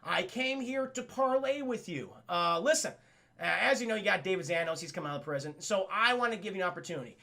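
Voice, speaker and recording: A man's voice: sits high, expressive, fast talker, creaky, sharp tone, full character voice. A man voicing a smug male mercenary who makes a casual offer while retelling a cartoon. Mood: offhand.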